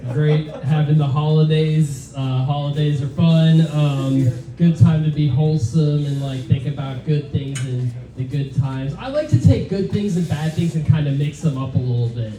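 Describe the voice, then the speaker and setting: A man doing a stand-up set in a club with a deadpan, halting delivery full of fillers. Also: a little high. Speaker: stand-up comic. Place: comedy club, open mic. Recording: echoey room from far off. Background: audience laughter.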